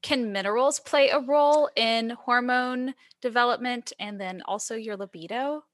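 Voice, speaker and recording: A woman hosting a casual podcast chat, enthusiastic and animated in her reactions. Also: fairly high pitch, normal speed, no room sound, studio quality. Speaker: podcast host.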